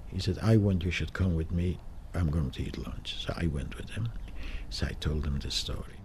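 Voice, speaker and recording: Older man, halting. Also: extremely low pitch, a little mellow, slight background noise. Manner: halting, frequent restarts, emotional. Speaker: Holocaust survivor interviewee. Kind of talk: documentary interview, recounting memories.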